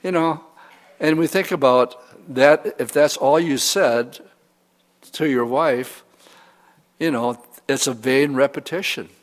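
A man's voice: medium pitch, takes it slowly. Man preaching in a reverberant hall. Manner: conversational preaching with humor and quoted examples. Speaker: pastor. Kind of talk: sermon.

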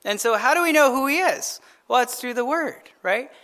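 A man's voice: extremely high pitch, animated, normal speed, bright, forceful tone. A male pastor giving a midweek Bible-study sermon in a casual, conversational way, often asking the audience rhetorical questions and chuckling as he tells stories. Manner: chuckles while telling stories.

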